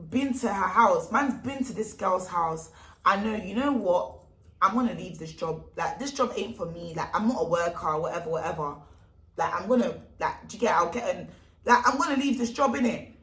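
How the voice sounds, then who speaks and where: Animated young woman in an echoey room. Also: medium pitch, normal speed. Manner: animated, emphatic, heavy street slang. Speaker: vlogger. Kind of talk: storytime vlog.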